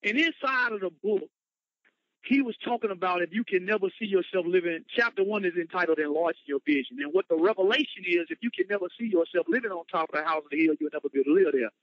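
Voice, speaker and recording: Fast and high-pitched with lively intonation, this motivational speaker dramatically and emphatically retells his own story. The audio is dry, dull, and lo-fi.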